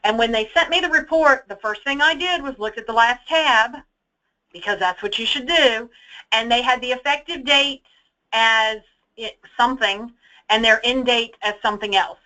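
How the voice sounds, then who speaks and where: Bright-voiced woman leading a software webinar. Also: a little high, moderate pace, low-quality recording. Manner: chatty, emphatic, checks in with "okay?". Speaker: data trainer. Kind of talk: webinar screen-share walkthrough. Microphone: computer mic for online webinar.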